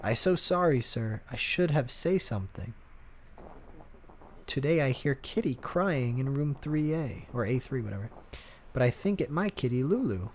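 A man voicing an apologetic woman hotel resident who speaks in halting, broken English. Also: mid-range voice, lively intonation, a little mellow, slight background noise, lightly acted.

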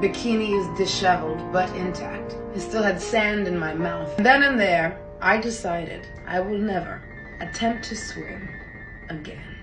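Young woman, vlog storytime, animated self-mocking delivery, echoey room, faint music underneath. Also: fairly low pitch, unhurried. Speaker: vlogger. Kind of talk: comedic storytime while doing makeup.

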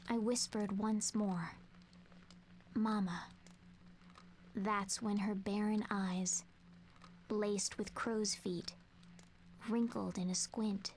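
Quiet sad girl narrating a game memory, slow and half whispered, faint hiss behind. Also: mid-range voice, steady tone. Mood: wistful.

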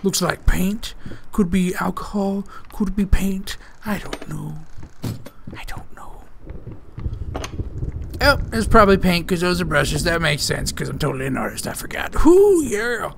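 Gravelly man joking through a horror game. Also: high voice, moderate pace, a bit bright, slight background noise. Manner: joking, mutters to himself, jumpy. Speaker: gamer playing a horror game. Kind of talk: casual let's-play commentary.

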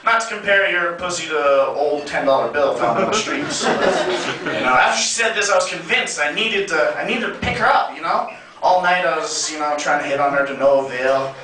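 A man performing a crude stand-up comedy set, brash and punchy, with sudden loud bursts. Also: a little high, animated, fairly quick. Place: comedy club stage. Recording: echoey club sound from a distant mic, crowd laughter. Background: audience laughing.

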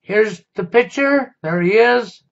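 Man, high voice, accusatory monologue, dull lo-fi recording. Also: slow, creaky. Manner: confrontational, repeats "okay?". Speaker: YouTube commentator. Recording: dull lo-fi sound.

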